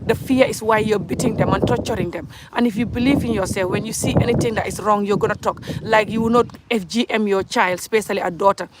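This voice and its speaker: A woman's voice: medium pitch, fast, hardly any pauses. A Gambian woman in her forties talks straight to her viewers in a live stream. She is outspoken and passionate, and her thoughts run on from one to the next. Faint noise sits under her voice. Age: 40s. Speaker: livestreamer. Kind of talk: casual live monologue.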